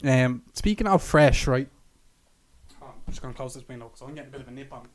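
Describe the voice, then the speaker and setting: A man with a middle-pitched voice co-hosts a casual podcast. He rambles with plenty of fillers and drifts loosely from point to point. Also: fast talker. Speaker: podcast co-host. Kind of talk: casual chat.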